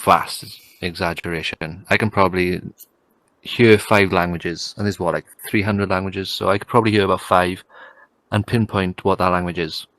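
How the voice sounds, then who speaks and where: A man's voice: sits low, fairly even intonation, normal speed, fairly bright tone, no room sound. A man co-hosting a casual podcast chat, blunt and jokey as he argues his points. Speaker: podcast co-host.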